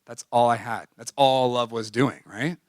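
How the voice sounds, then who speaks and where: A man giving a church talk, telling a personal story in a lively way and acting out the conversations. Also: mid-range voice, a little slow, no echo, studio quality. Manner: animated, acts out conversations, frequent "like". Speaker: speaker at a church gathering.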